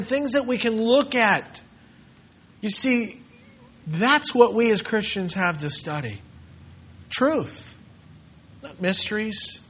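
A man preaching a sermon with passion, now and then mimicking doubters in quick asides. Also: sits high, a bit bright, muffled recording.

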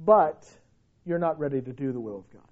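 A man preaching a sermon with passion, swinging between loud declarations and hushed, pleading lines. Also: a little high, lively intonation, brisk, narrow, tinny audio. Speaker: pastor.

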